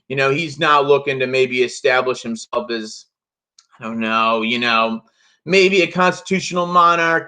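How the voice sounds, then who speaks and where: A man's voice: fairly high pitch, pushed and bright. A man teaching a casual history review lesson to students, talking loosely with many fillers and restarts. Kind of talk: casual classroom review lecture.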